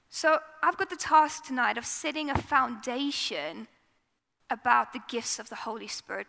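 A woman's voice: fairly high pitch, creaky, pushed and bright, long reverb tail. A woman giving a conversational, earnest sermon in a church. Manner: earnest, conversational preaching with fillers. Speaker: preacher.

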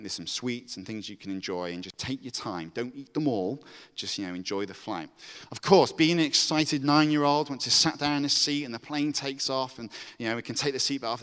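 A man's voice: medium pitch, pushed and bright, smooth. A man preaching a storytelling sermon, acting out the characters' voices as he goes. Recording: reverberant hall.

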